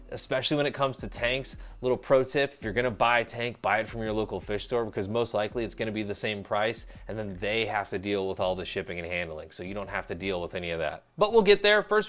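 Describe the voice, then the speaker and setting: A man hosting a hobby channel, giving an upbeat, chatty outro straight to the camera. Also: mid-range voice. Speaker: channel host. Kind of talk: direct-to-camera vlog outro.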